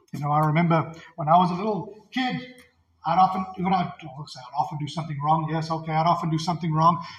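A man's voice: sits high, low-quality recording. A male pastor preaching an expository sermon in an earnest, emphatic way, often repeating his key phrases.

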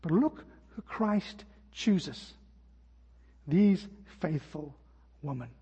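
A man preaching a sermon as pastor, telling stories and dropping his voice to a hush at key points. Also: fairly high pitch, expressive, very slow, breathy edge. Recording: dull sound with long hall reverb.

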